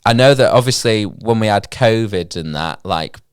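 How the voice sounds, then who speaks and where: A man's voice: fairly low pitch, expressive, moderate pace, smooth, dry recording, studio quality. A young man with a cold and a stuffy nose, chatting casually as a podcast co-host, rambling with many ums and frequent laughs. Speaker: podcast co-host and gigging musician. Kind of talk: casual chat.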